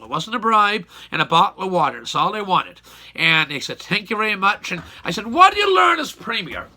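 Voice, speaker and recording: A man's voice: sits high, bright, forceful tone. An older man telling a rambling, opinionated recollection in a folksy, casual way, repeating points for emphasis. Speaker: YouTube storyteller.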